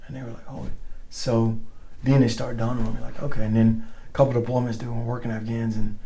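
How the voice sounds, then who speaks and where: A middle-aged man, a former soldier, telling stories in a casual interview, animated and acting out what others said. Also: mid-range voice, fast, vocal fry, a little hiss or hum. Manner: animated, acts out quoted voices, swears casually. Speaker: guest, former Green Beret.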